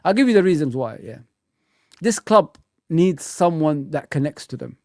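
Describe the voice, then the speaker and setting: A man's voice: fairly high pitch, expressive, moderate pace, a little mellow, no room sound, studio quality. A man hosting a live football fan stream, teasing viewers, bantering and swearing often. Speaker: football fan channel host.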